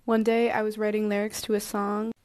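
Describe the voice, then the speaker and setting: A young woman telling personal stories in a deadpan, matter-of-fact way. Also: mid-range voice, brisk, dry recording, studio quality. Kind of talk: storytelling video.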